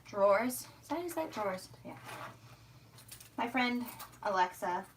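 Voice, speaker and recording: A young woman from outside Philadelphia with a slight Philly accent, chatting casually and rambling on a livestream while she packs, a little hoarse. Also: on the high side, lively intonation, moderate pace, a little hiss or hum. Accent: Philadelphia area. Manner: chatty, rambling, self-mocking. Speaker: vlogger.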